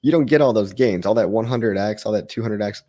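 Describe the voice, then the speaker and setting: A man co-hosting a crypto podcast, bantering in a relaxed, laid-back way with some swearing. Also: lowish voice, brisk. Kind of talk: casual profane chat.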